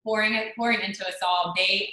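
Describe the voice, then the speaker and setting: A woman's voice: medium pitch, fairly even intonation, brisk, pushed and bright, heavy reverb. A woman hosting a video call for her team, effusive and gushing with praise. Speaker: host and team leader. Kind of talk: casual chat on a video call.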